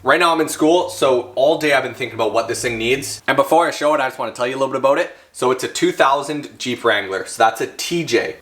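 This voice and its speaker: Rambling young guy vlogging about cars. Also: mid-range voice. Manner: rambling, excitable, full of fillers and restarts. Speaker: car channel vlogger. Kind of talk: casual vlog talk.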